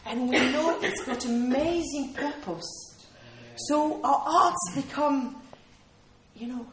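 A woman's voice: high-pitched, takes it slowly, slight background noise. A woman preaching a sermon in an earnest, emphatic way, repeating her key phrases for weight. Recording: roomy hall echo.

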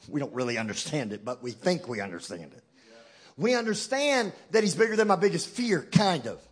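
A man with a high, husky voice preaches a sermon to a church congregation. He drops to a near hush, then climbs to loud, shouted peaks, and mixes in light humor along the way. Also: very animated, moderate pace. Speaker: guest preacher.

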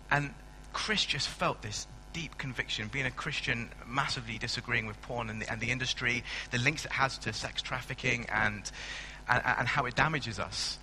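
Male pastor, forceful bright tone, storytelling sermon, faint background hum. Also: medium pitch, rough recording. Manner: chatty, self-mocking, storytelling. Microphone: stand mic.

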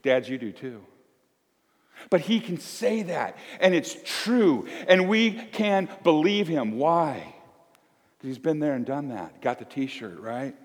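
A pastor in his fifties preaches with a lively, rising and falling voice pitched a little high. He talks conversationally, swinging from loud emphasis to hushed asides. The church hall lends a long reverb. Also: slow. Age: 50s. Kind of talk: sermon.

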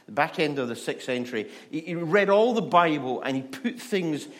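A man's voice: fairly high pitch, expressive, moderate pace. A male pastor giving a conversational, humorous sermon, often stammering and restarting.

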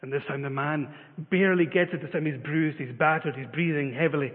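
A man's voice: a little high, brisk. A man preaching a sermon, telling a story with many filler uhs. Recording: phone-like reverberant sound.

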